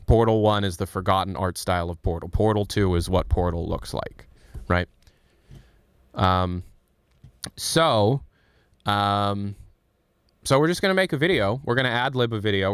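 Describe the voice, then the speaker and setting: Rambling, low-voiced man streaming. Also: normal speed, clear, resonant tone, dry recording, clean studio sound. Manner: rambling, many fillers and restarts. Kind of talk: casual live-stream chat.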